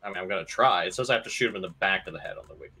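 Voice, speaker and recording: A man's voice: low voice, racing, pushed and bright, husky, poor audio. A man talking casually with teammates during a co-op game, swearing freely, with hesitant fillers. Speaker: gamer. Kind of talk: casual chat while playing a co-op game.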